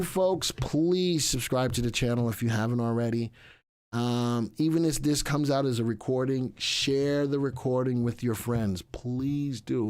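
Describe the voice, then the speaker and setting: A man's voice: mid-range voice, warm tone. A man hosting a live stock market stream, chatting casually, joking and rambling with asides to his crew.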